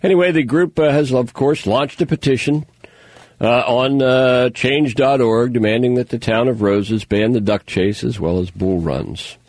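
A man's voice: mid-range voice, measured pace, a little mellow, no echo. Sarcastic rambling male talk host. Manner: sarcastic, rambling, mocking asides. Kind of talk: casual news commentary monologue.

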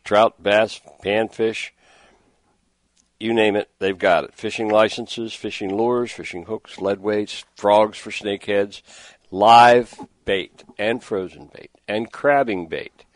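Male radio host, middle-aged, low voice, dry studio sound, chatty rambler. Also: steady tone, takes it slowly, no echo. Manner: rambling, exasperated storytelling. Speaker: radio fishing show host. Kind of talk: casual radio talk. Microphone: studio microphone with headphones.

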